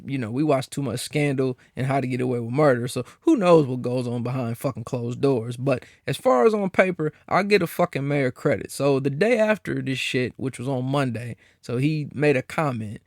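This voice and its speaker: A man hosting a solo podcast, ranting in a profane, incredulous, animated way. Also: medium pitch, dry recording, studio quality. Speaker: podcast host.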